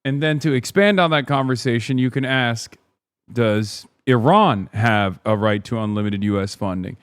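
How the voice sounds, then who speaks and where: A male streamer riffs through a casual livestream reaction, swearing freely and mocking viewers' comments. His voice sits at a medium pitch, recorded close and dry with no room sound. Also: normal speed, clear, resonant tone, no room sound. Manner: profane, animated ranting.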